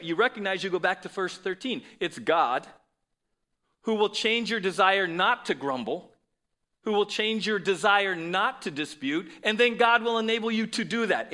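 Bright-voiced male pastor preaching. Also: fairly high pitch. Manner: conversational preaching, frequent "right?" asides. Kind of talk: sermon.

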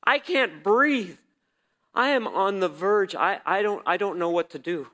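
A man preaching a personal testimony as a sermon, telling the story vividly and swinging between loud and hushed delivery. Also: high voice, normal speed.

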